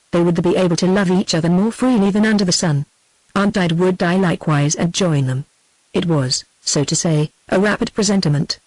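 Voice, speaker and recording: A woman's voice: on the low side, no room sound, low-quality recording. British text-to-speech woman narrating. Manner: steady, even, synthetic pacing. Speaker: audiobook narrator. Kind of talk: text-to-speech novel reading.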